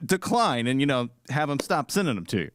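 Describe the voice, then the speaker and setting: A man's voice: medium pitch, very animated, fairly quick, noisy background. A man co-hosting, teasing dryly in casual chat. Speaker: co-host.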